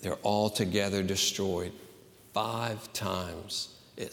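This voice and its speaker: Slow, earnest preacher man in a reverberant hall. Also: lowish voice, slight background noise. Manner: earnest, emphatic, slow and deliberate. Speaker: pastor. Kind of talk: sermon.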